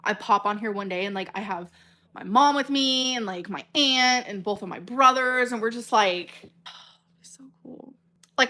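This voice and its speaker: A woman's voice: mid-range voice, sharp tone. Rambling, emotional woman livestreamer. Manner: rambling, stumbling over words, filler-heavy; emotional and earnest. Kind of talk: casual livestream chat, reading comments.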